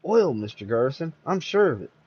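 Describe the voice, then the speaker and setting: A man's voice: a little high, big pitch swings, normal speed, darkish tone, breathy edge, dry recording, highs cut off, voice pushed up. A man doing a snappish scheming sidekick. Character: gruff, scheming male sidekick swindler.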